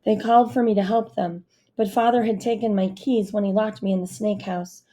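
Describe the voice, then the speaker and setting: A woman reading a novel aloud as narrator in a steady storytelling manner. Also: mid-range voice, a little fast. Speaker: audiobook narrator. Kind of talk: scripted narration.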